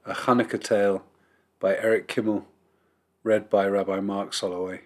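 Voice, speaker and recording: Man reading a children's story aloud. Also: fairly low pitch. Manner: measured, expressive read-aloud. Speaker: rabbi. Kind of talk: storybook narration.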